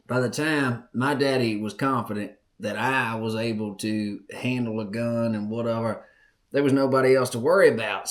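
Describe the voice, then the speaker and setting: A man's voice: medium pitch, fairly bright tone. A man, hosting a podcast and telling a personal story in a folksy, emphatic way, repeating lines for effect. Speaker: podcast host.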